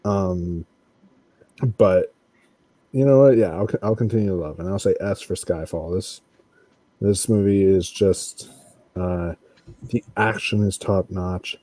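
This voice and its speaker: A man in a casual movie discussion, animated and quoting his own reactions. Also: sits low, slow pace, long pauses, no echo. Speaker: podcast panelist.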